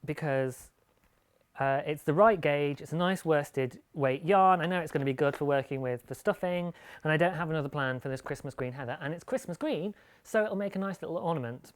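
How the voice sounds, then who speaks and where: A man's voice: fairly high pitch, brisk. Chatty man hosting a podcast. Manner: chatty, rambling, laughs at himself. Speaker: podcast host. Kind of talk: casual live-show chat about knitting.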